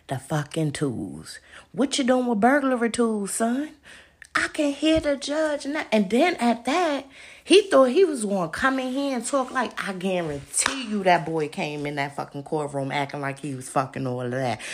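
A woman hosts a loose, profane rant for her listeners, loud and emphatic, with swear words in nearly every sentence. Her pitch swings widely as she keeps calling out to them as y'all. She is at home, talking into a phone she carries from room to room. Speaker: podcast host. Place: at home, walking around the house.

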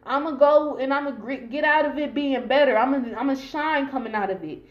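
A woman podcaster with talks straight to her listeners in a casual motivational monologue. Her voice sits a little higher than most women's, and she repeats herself for emphasis. She speaks in slangy, profane bursts. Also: fairly quick, roomy sound, muffled recording. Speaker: podcast host.

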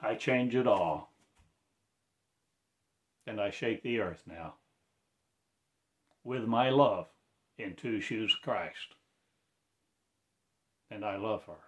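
Slow, incantatory man preaching. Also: lowish voice. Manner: slow, incantatory delivery with sudden loud proclamations. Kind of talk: rambling prophetic monologue.

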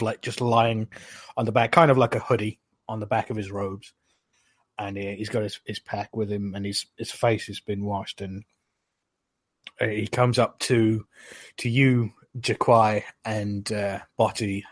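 A man's voice: on the low side, no room sound. A man narrating as game master, rambling with frequent fillers.

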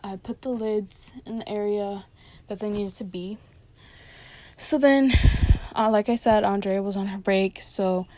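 A young woman casually telling a long story about her fast-food job, chatty and full of fillers, quoting her coworkers as she goes. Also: mid-range voice, dark tone.

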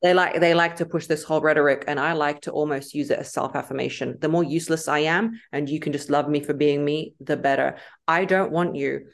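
A woman, a podcast guest in casual interview chat, talking emphatically and acting out quoted lines in lively voices. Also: deep voice, a little fast, creaky, hardly any pauses.

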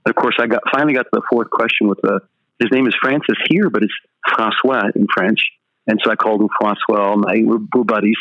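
Animated older pastor telling a story. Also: male voice, on the low side, fast, lo-fi sound. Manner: animated storyteller acting out dialogue. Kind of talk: storytelling interview guest.

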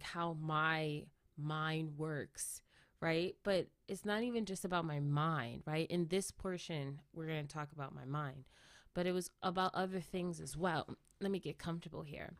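A woman with a lower-pitched voice recounts a personal experience in a loose, rambling way, scattering "like" and "right?" through every thought. Her tone is reflective, and the sound is dry and close, with no room around it. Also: no room sound. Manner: rambling, many "like" and "right?" tag questions; reflective, laughs often. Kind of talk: casual personal storytelling.

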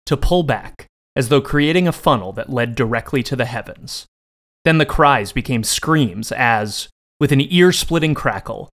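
A man co-hosting a casual book podcast, reading passages aloud with lively emphasis and then adding enthusiastic, jokey commentary. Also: medium pitch. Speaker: podcast co-host.

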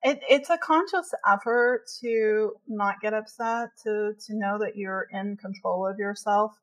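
A woman talks in a relaxed, conversational way and laughs easily between her thoughts. She fills her sentences with "like" and "you know," and her voice sits at a middle pitch. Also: unhurried. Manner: chatty, laughs often, many fillers. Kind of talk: casual chat.

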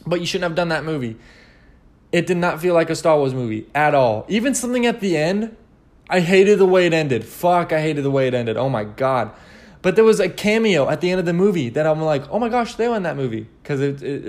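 A man's voice: fairly high pitch, animated, a little fast, darkish tone. A young man hosting a casual solo podcast, rambling and cursing with many restarts as he rants animatedly. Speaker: podcast host.

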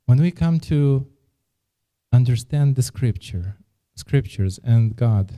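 A man's voice: mid-range voice, animated, slow, warm tone. A man preaching a sermon and telling a personal story, speaking earnestly and often repeating words as he restarts his phrases.

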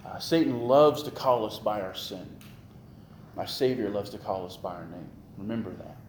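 A man preaches in a roomy, echoing church sanctuary, with a faint hum of ambience behind him. His delivery is animated: he drives points home through repetition, and his voice climbs as he builds emphasis. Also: fairly low pitch, moderate pace. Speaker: pastor. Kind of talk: sermon. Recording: echoey room with faint ambient noise.

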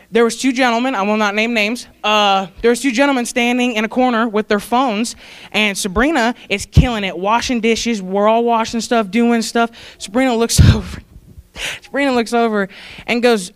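A young woman with a smooth, clear voice speaks at a church service. She rambles warmly, laughing often and fighting back tears as she pays tribute. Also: a little high, normal speed. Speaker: church staff speaker honoring graduates. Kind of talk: heartfelt tribute speech.

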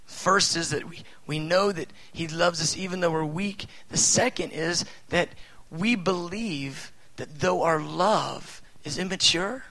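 A man in his thirties preaching a sermon in an animated way, with rhetorical questions and bursts of loud emphasis. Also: on the high side, measured pace, poor audio.

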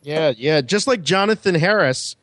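A man co-hosting a podcast, speaking haltingly and searching for his words. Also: on the high side, expressive, a bit bright, no echo. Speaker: podcast co-host. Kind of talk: casual podcast interview.

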